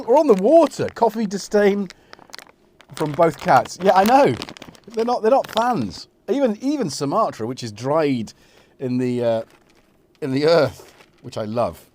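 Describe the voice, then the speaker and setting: A man's voice: high voice, darkish tone. A middle-aged man hosting a casual live stream, rambling and joking while he talks to his cats.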